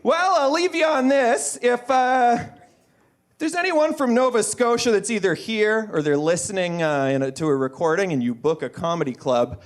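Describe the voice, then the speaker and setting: A man's voice: sits high, normal speed. A man doing a stand-up roast on a comedy club stage, brash and mocking, laughing at his own jokes. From Manitoba, Canada.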